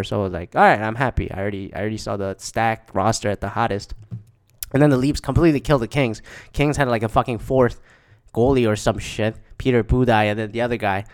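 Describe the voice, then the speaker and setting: A man with a low-leaning, darkish, smooth voice casually recounts games he attended. He rambles and swears a lot, his talk full of fillers.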